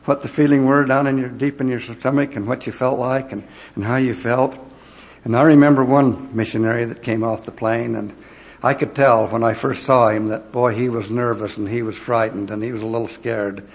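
A man's voice: medium pitch, fairly even intonation, moderate pace. A man who led missionaries, giving a devotional talk to an audience and earnestly telling personal stories with acted-out dialogue. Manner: earnest storyteller acting out remembered dialogue. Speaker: former mission president addressing an audience.

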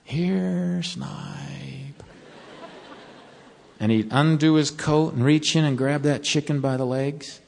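A man giving a sermon to college students, telling a folksy story and then slowing to earnest counsel. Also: a little high. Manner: storytelling, turning slow and earnest. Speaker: devotional speaker to college students. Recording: long reverb of a large hall.

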